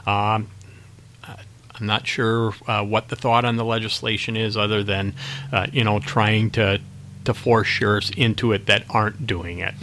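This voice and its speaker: Halting middle-aged male sheriff. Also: fairly low pitch, level tone, a bit bright, slight background noise. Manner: halting, many restarts and fillers. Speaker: county sheriff. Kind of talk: radio interview answers.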